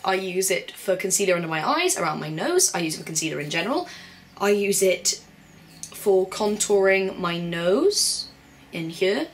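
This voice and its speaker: A young woman, chatting casually and bubbly as a beauty vlogger. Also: medium pitch. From Britain. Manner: bubbly and chatty, with playful put-on voices. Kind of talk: casual chat.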